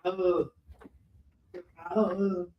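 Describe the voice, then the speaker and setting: A man putting on an Austrian accent as a stiff strongman, making slow, halting vows. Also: high-pitched, little pitch movement, far from the mic, highs cut off, slight background noise. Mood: mock solemn. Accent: put-on Austrian. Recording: roomy echo.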